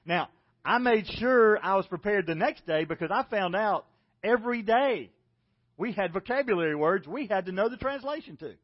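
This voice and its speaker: Southern man preaching, high voice. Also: expressive, normal speed, muffled recording. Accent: Southern American. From South Carolina, United States. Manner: folksy storytelling with self-deprecating humor. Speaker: pastor. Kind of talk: sermon.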